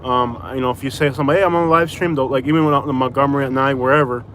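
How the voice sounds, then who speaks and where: A man's voice: mid-range voice, steady tone, rapid-fire, a bit bright, slight background noise. A man from Florida chatting casually on a live stream while driving, rambling with lots of fillers. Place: in a car.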